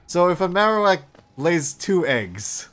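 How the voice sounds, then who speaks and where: A man's voice: high-pitched, very animated, measured pace, a bit bright, faint music behind. A man streaming a game while chatting casually, rambling and swearing now and then.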